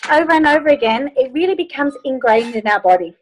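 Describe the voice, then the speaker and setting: A woman's voice: high voice, expressive, fast talker, a little hiss or hum, poor audio. A woman life coach leading a group video call from her phone, giving upbeat, playful instructions.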